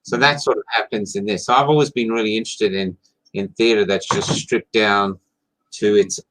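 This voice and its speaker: A man's voice: fairly low pitch, steady tone, normal speed, a bit bright, poor audio. Enthusiastic man telling stories. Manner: enthusiastic storyteller, rambling with restarts. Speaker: playwright and theatre maker. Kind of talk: casual chat.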